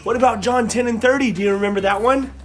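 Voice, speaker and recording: A father and podcast host reading a farm picture book aloud to his children and making animal sounds in a playful, animated way. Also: very high-pitched, fast.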